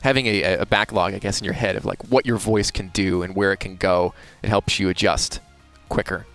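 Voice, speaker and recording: Chatty man with a low voice. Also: steady tone, fairly quick, fairly bright tone, faint music behind. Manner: chatty, self-deprecating, many restarts. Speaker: voice actor guest. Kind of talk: relaxed interview talk.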